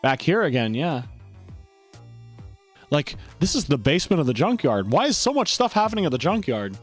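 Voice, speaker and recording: A man streaming a game, chatting casually and reading the on-screen text aloud in an animated way. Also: high-pitched, measured pace, long pauses, slightly rough. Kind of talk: casual let's-play commentary. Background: faint game music.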